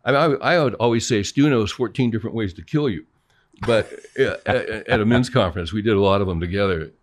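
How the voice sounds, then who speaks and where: Older man, low voice, casual storyteller, acts out dialogue. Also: fairly quick. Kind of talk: casual conversation.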